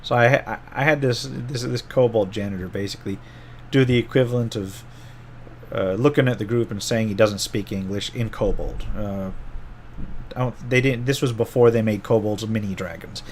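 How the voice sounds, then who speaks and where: A man's voice: lowish voice, normal speed, slight background noise. A middle-aged man, a game master, casually telling a rambling story from an old tabletop game and often correcting himself as he goes.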